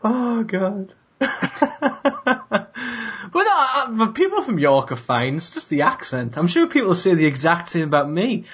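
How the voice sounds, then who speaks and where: A man with a Cockney accent chats on a podcast, animated and laughing often. His voice sits high and a touch husky. The recording is slightly dull and lo-fi. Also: measured pace. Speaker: podcast co-host. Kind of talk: casual chat.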